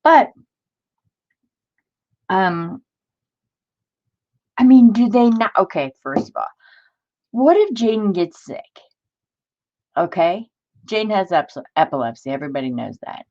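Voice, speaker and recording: A woman's voice: mid-range voice, big pitch swings, unhurried, pauses often, mellow, lo-fi sound. A woman hosting a crafting stream, venting in casual chat and answering viewers in the chat. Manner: exasperated, talks to live chat viewers. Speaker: crafting channel host.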